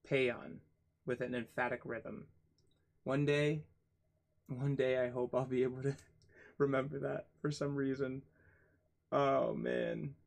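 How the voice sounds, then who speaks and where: A man's voice: medium pitch, creaky. A man reading a textbook aloud for his channel, spelling out hard words letter by letter and making self-mocking asides. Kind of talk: casual read-aloud lesson.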